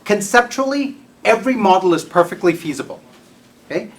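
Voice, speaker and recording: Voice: mid-range voice, animated, a little fast, a little hiss or hum. A lecturer giving a classroom lecture, often checking in with the students by asking "okay?" and "right?", and restarting sentences mid-thought.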